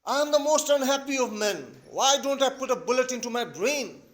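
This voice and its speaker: A man voicing an irritable older father, blustering and shouting. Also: very high-pitched, normal speed. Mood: exasperated. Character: irritable old father, quick-tempered.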